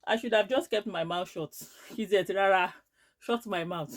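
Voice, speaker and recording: A woman from Edo State with a Nigerian accent, telling a storytime vlog in a lively, expressive way. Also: mid-range voice, moderate pace. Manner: lively, expressive, rising to anger as she tells it. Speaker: vlogger.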